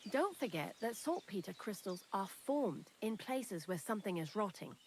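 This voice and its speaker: A woman's voice: medium pitch, sing-song, moderate pace, breathy edge. A woman voicing a talkative young woman hiding out in a thieves' lair in a video game, candid and dryly morbid. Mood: chatty. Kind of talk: game character dialogue.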